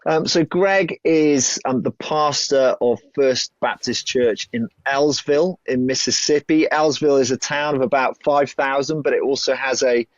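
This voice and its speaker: A British pastor talking casually as a podcast guest, hesitant and halting, with frequent restarts. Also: male voice, medium pitch, no room sound, lo-fi sound.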